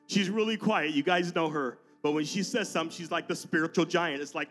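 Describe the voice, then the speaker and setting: A man with a high voice preaches in church, dropping to near-whispers and then rising to loud declarations. A faint bed of music runs behind him. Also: fairly quick, hardly any pauses. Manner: emotional, swinging between soft asides and loud declarations. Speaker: pastor. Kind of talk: sermon with personal storytelling.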